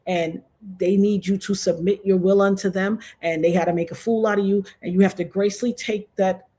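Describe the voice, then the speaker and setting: A woman's voice: medium pitch, steady tone, brisk, mellow. An American woman doing casual commentary, emphatic and repetitive, with sudden outbursts. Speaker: commentary vlogger.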